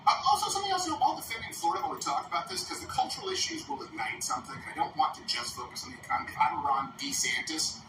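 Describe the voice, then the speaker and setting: High, lively man with a sardonic edge. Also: rapid-fire, few pauses. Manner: sardonic, quips and reads out statistics. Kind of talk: casual political chat. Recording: roomy audio from far off with music behind.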